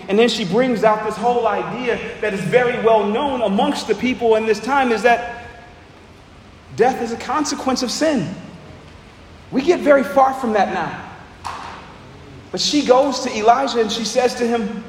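A man with a high voice preaches an earnest sermon, walking his listeners through a scripture passage. His words ring out into a large, echoey sanctuary with a long reverb tail. A faint hum of room ambience sits underneath. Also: normal speed, pauses often. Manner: earnest expository preaching, reads scripture then explains. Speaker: pastor.

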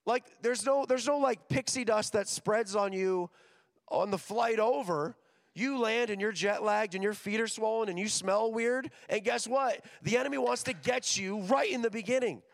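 A young man preaching to students, energetic and joking, acting out voices in his stories. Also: sits high, moderate pace, creaky. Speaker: missions director speaking at a school chapel. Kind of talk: sermon. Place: large hall with an audience. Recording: long hall reverb.

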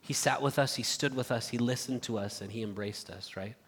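A man preaching a sermon in a church, earnest and halting, swinging from loud appeals to hushed asides. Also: medium pitch, breathy edge. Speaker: pastor. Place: church sanctuary. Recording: reverberant church hall.

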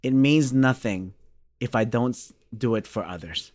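Australian bass player telling a story. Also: male voice, normal speed, no echo, clean studio sound. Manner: animated storyteller, acts out quoted dialogue. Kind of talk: casual storytelling interview.

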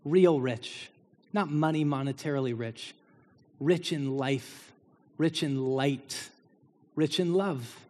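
A man's voice: fairly high pitch, takes it slowly, pauses often, darkish tone. A man preaching a sermon as pastor, building emphasis through repeated phrases. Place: church sanctuary. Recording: long hall reverb.

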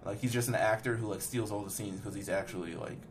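A man's voice: on the low side, fast, faint music behind. A young man on a podcast rambling through a film recap with lots of fillers and profanity. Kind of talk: casual chat, recapping a film.

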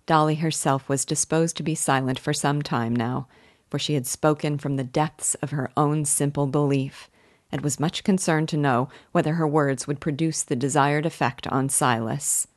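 Woman narrator for a literature class reading, low voice, dry close sound. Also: steady tone, moderate pace, no room sound. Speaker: literature teacher reading a novel aloud. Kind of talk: audiobook narration.

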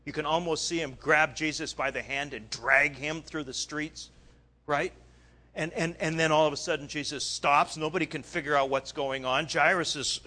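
Bright, animated male preacher. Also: a little high, normal speed. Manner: animated, swings between loud bursts and quiet asides. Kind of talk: sermon, dramatic storytelling.

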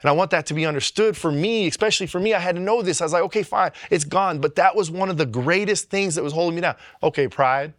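A man's voice: a little high, fast, few pauses, fairly bright tone, no room sound, clean studio sound. Earnest man sharing faith testimony. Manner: earnest, emotional, with repetitions and restarts. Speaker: testimony speaker.

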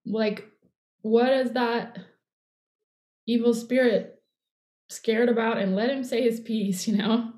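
A middle-aged woman in casual conversation, rambling and warm, with many fillers. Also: fairly high pitch, fairly even intonation, takes it slowly, pauses often. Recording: echoey room.

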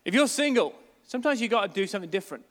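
A man preaches a sermon in a fairly high voice. He tells stories and hammers home his points with emphasis. His voice rings with the long reverb of a large church hall. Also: animated, racing, a bit bright. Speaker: pastor.

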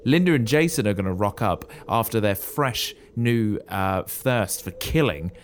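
A man, co-hosting a casual chat, excitable and given to wild guesses and sudden high exclamations. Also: unhurried, a little hiss or hum. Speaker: podcast co-host.

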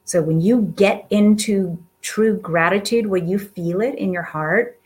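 An unhurried woman with a mid-range voice speaks to an audience as a guest. Earnest and warm, she keeps things relaxed and heartfelt, encouraging her listeners and laughing softly.

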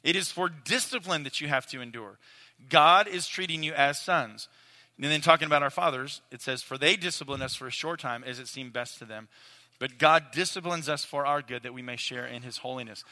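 A man's voice: on the high side, brisk, bright, forceful tone. A man, likely in his thirties, giving an earnest, casual teaching talk on parenting as a father, speaking straight to his listeners. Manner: earnest, casual, addresses audience directly. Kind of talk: conversational sermon-style teaching. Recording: long hall reverb.

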